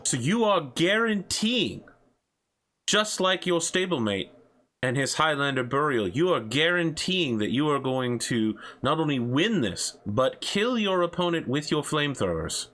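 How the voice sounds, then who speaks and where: A man's voice: fairly high pitch, sing-song, unhurried, fairly bright tone, pitched above the performer's own voice. A man playing a theatrical male arena talk-show host who asks probing questions. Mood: showy.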